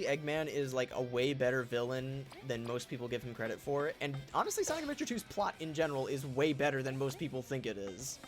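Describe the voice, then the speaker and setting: A young man chatting casually on a game stream, rambling with many fillers and swearing. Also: mid-range voice. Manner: rambling, lots of fillers and swearing, loud laughing impressions. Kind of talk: casual gaming stream chat.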